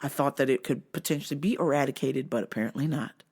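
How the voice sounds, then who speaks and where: A woman's voice: rumbling low, fast, husky. A woman hosting her own show, telling a rant story casually, full of swearing and sound effects. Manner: profane, animated, frequent sound effects. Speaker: host.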